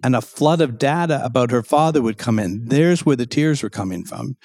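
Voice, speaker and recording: A man's voice: mid-range voice, normal speed, a little mellow, no echo, clean studio sound. A man, a guest expert in an interview, explaining at length and acting out quoted speech in a raised voice.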